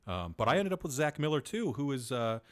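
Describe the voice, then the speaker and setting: A man's voice: mid-range voice, sing-song, fairly quick. A man in a mid-range voice co-hosting a laid-back sports podcast. He weighs things up analytically and swears casually along the way. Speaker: podcast co-host.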